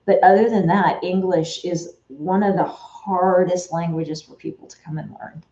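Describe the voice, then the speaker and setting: A woman in casual conversation who rambles from point to point, picking up fillers and restarting sentences as she goes. Her voice sits a little low and sounds mellow. It comes through in an echoey room on a somewhat dull, lo-fi recording. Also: steady tone, moderate pace. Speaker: Etsy shop owner. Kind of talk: casual chat while working.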